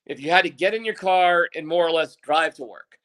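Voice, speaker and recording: High bright-voiced sports radio man. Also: brisk. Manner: animated, jokey, acts out his own reactions. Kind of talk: casual sports chat.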